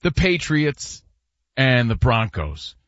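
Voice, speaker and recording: A man's voice: medium pitch, very animated, slow pace, a bit bright, no echo, dull audio. A man hosting a sports talk show, leading the segment in a teasing, conversational way.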